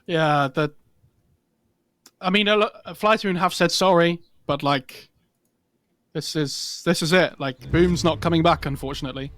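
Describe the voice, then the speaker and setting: An esports caster commentates a match live, chatting casually and rambling with lots of fillers. His voice is a little high and fairly bright, with a measured pace and frequent pauses. There's no room sound.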